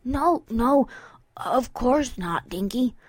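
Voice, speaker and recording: A woman's voice: on the high side, expressive, slow, breathy edge, no echo, full character voice. A woman voicing a clumsy, good-natured young male pony with a sheepish, earnest manner in a storybook reading.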